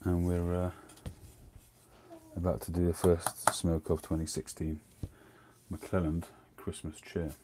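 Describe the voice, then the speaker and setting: A man's voice: low-pitched, flat delivery, takes it slowly, background noise. A middle-aged man, hosting a casual livestream chat, rambling and drifting off topic as he talks. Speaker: host.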